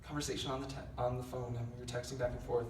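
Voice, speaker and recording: A man's voice: medium pitch, flat delivery, very fast, roomy sound, recorded from a distance, very noisy. A young man giving a casual youth sermon, telling a rambling story with lots of fillers and self-deprecating jokes. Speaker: youth pastor. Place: large church hall.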